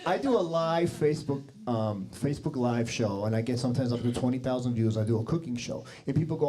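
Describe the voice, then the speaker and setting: Forties New stand-up, brash, crude, ribs the audience; slight background noise. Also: male voice, mid-range voice, animated, fast, few pauses. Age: 40s. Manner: brash, crude, teasing the crowd. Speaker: stand-up comedian. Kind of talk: stand-up comedy set. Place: TV studio stage with live audience.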